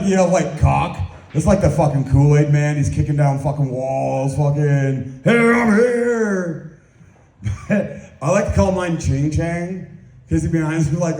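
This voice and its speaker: A man's voice: fairly high pitch, dark tone, reverberant. A young man doing a crude, rambling, self-mocking stand-up set in a small club. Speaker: stand-up comedian.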